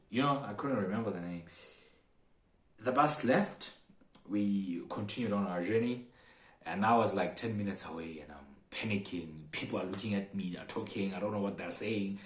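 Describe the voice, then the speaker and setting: A young man from Africa tells a personal story in a relaxed, lively way, acting out the people in it as he goes. His voice sits a bit low, and the room around him is echoey. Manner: animated, acts out other people's lines with laughs. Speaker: vlogger. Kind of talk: casual storytelling. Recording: roomy echo.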